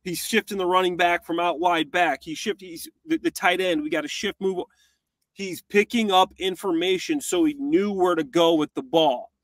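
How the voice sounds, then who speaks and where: A man with a fairly high voice co-hosts a football breakdown, casual and animated. His voice is recorded close and dry, with no room sound, and he breaks into quick voices to act out plays. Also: no echo. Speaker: co-host, former tight end.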